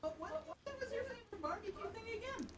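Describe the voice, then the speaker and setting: A woman's voice: very high-pitched, lively intonation, quick pace. A woman chatting along with a game stream as a friend, giving dry, brief quips.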